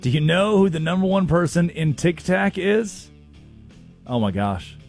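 A man hosting a comedic sports radio show, spinning stories and slipping into voices for the people he quotes. His voice sits a touch high and jumps around a lot, with faint guitar music playing underneath. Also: a little slow, vocal fry. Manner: storytelling, mimics people in quotes, animated.

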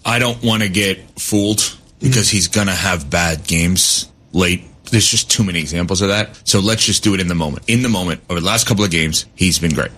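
A man talks sports in a casual chat, keeping his delivery measured and cautious. His voice sits low and sounds husky. It also carries a bright edge. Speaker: sports podcast analyst.

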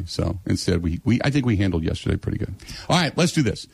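A man's voice: lowish voice, animated, fast, gravelly, husky, no room sound. A middle-aged man hosting sports radio, telling a story in blunt, sarcastic, exasperated casual chat.

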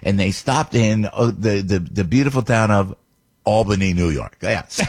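A man hosting a radio talk show, rambling through stories in a loose, animated way and restarting his sentences often. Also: fairly low pitch, moderate pace. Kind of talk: casual radio monologue.

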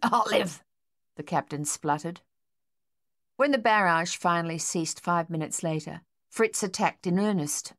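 A woman narrating an audiobook in a measured, even reading. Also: fairly low pitch. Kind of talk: scripted narration.

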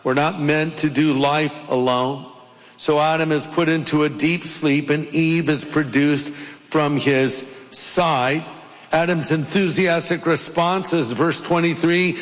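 A man's voice: fairly high pitch, fairly even intonation, a little slow, long reverb tail. A man preaching a sermon as pastor, explaining scripture with playful asides. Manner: jokey, puts on playful accents.

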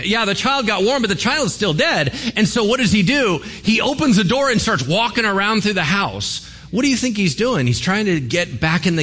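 Pastor mid-sermon, highish, very expressive delivery, playful asides to the congregation. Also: male voice. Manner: animated storytelling, acting out voices with laughs.

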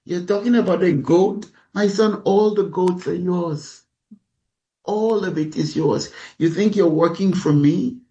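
Casting note: warm-hearted father, lifted pitch, emphatic reassurance, put on by a male preacher. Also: a little slow, muffled recording. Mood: reassuring. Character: loving, generous older father reassuring his son. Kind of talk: sermon storytelling.

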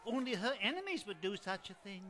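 An actor playing a timid, flattering servant of an emperor. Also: male voice, sits high, brisk, full character voice. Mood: obsequious. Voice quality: nervous, flattering. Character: timid, fawning adult male imperial servant.

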